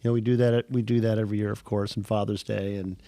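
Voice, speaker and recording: A man's voice: on the low side, level tone, quick pace, dark tone, dry recording. A man in his fifties hosting a podcast, chatting and reminiscing in a friendly way. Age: 50s. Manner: friendly, laughs easily, reminiscing. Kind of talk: casual podcast chat.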